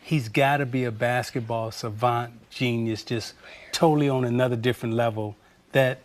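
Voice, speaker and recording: A man's voice: medium pitch, steady tone, normal speed. Earnest man in a studio discussion.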